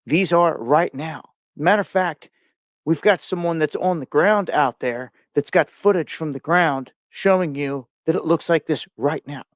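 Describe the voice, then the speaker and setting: A man's voice: fairly high pitch, a little slow, no echo, clean studio sound. A man commenting over a screen share, pointing things out in a conspiratorial way.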